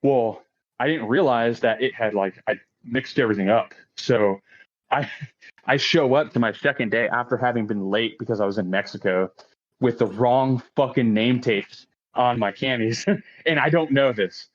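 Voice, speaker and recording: A man in his late thirties tells a story on a podcast, swearing freely and laughing often. He jumps into a higher voice when he quotes people. His voice sits at a middling pitch, and the audio is a little dull and lo-fi. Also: normal speed. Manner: profane, laughs often, acts out quotes in raised voice. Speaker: podcast guest. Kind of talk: casual storytelling.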